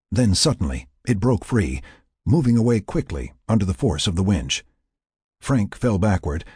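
A man with a low, raspy, darkish voice narrates a tense, scripted story in a measured way, his pitch swinging widely up and down. The recording is dry and close, without room sound.

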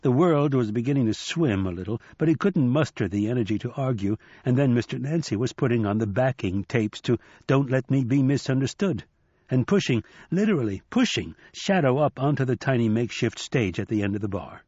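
A man narrating an audiobook in a measured, even storytelling manner. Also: mid-range voice, slightly rough, no echo. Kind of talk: scripted narration. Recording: slightly dull dry recording.

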